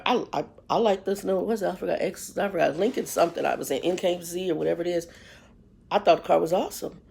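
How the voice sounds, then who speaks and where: A woman hosting a ministry livestream, talking and preaching in a relaxed, conversational way, often acting out the voices of people she quotes. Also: fairly low pitch, a little fast, creaky, husky. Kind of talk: casual spiritual talk. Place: in a car.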